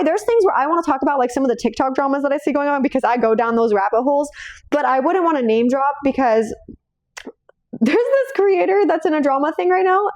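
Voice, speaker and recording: A woman's voice: high voice, darkish tone. A woman hosting her own casual chat show from home at night, rambling through tangents and laughing often. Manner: rambling, jumping between tangents with frequent laughs. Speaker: host.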